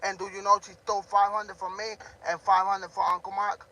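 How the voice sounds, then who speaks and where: A man ranting loudly on a live stream, talking straight to a viewer, amped up and always yelling. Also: high-pitched, flat delivery, brisk, low-quality recording.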